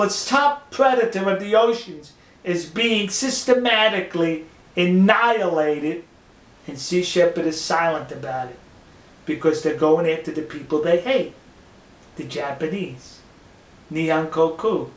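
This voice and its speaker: Scornful older man with a high voice. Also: reverberant. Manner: scornful, mocking, slow emphatic delivery. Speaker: commentary video host. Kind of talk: opinion monologue.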